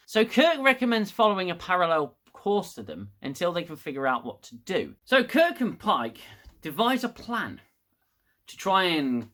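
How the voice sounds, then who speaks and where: Brief: male reviewer, blunt and exasperated, bright forceful voice, slightly high. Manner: rambling, frustrated, frequent restarts and swearing. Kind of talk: casual review monologue.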